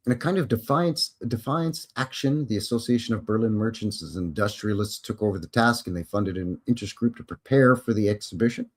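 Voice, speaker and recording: A man's voice: lowish voice, a little fast, few pauses. A man hosting a live history stream, chatting casually with jokes and rambling asides. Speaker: host.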